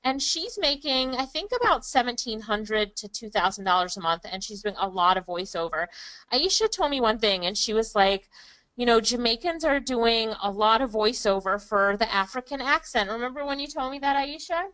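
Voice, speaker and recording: Bright upbeat woman presenting a webinar. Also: on the high side, expressive, normal speed, no room sound, rough recording. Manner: upbeat, chatty, addresses viewers by name. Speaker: online class presenter. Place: Kingston, Jamaica.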